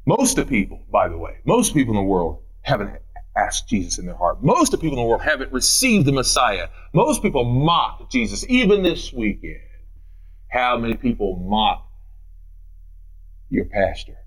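A man preaching a sermon as pastor, emphatic and repetitive, swinging between loud declarations and hushed asides. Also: mid-range voice, very animated, normal speed, breathy edge, rough recording. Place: church.

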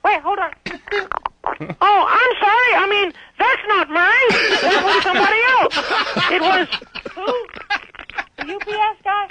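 A man doing a teasing radio comedy bit, deadpan and chuckling at his own jokes. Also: very high-pitched, a little slow, long pauses, heavy background noise.

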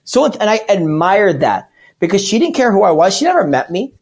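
Man, comedian, podcast guest, earnest, rambling, candid, slightly high-pitched. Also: sing-song, a little fast. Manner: rambling, earnest, with many restarts. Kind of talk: candid casual chat.

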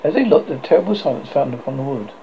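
A man narrating a children's storybook with a theatrical, animated delivery, his pitch rising and falling freely. The voice has a gravelly texture and sits a little high. The recording is slightly dull, with faint background hiss. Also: quick pace. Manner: expressive, theatrical reading. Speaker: audiobook reader.

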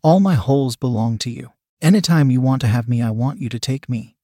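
Pleading woman lover read by a man, dry close sound, even pitch. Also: fairly quick, no echo, close to an everyday voice. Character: eager submissive adult woman lover.

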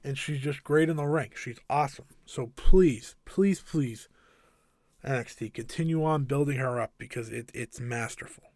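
A man's voice: medium pitch, normal speed, darkish tone, no room sound, studio quality. A man giving a casual, enthusiastic and opinionated recap of a wrestling show, rambling a little with fillers.

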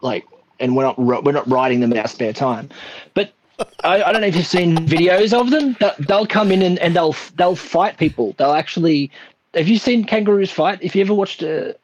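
Laid-back Australian man, slightly high voice. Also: lively intonation, moderate pace, lo-fi sound. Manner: laid-back, swears freely, easy laughter. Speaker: podcast guest. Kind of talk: casual chat.

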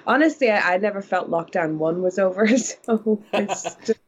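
A woman's voice: medium pitch, moderate pace, lo-fi sound, slight background noise. A woman co-hosting a podcast, talking frankly in casual chat. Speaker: podcast co-host.

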